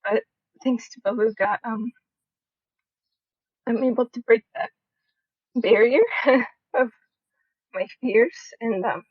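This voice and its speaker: Husky, giggly, nervous woman. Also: fairly high pitch, steady tone, slow, long pauses, no echo, highs cut off. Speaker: co-host. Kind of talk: casual voice-chat tribute.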